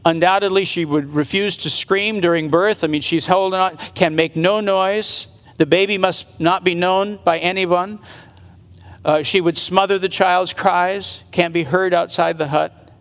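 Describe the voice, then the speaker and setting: A man's voice: high-pitched, steady tone, unhurried, fairly bright tone. A man preaching a sermon, retelling a Bible story earnestly and speculating aloud about what happened. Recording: long reverb of a large hall.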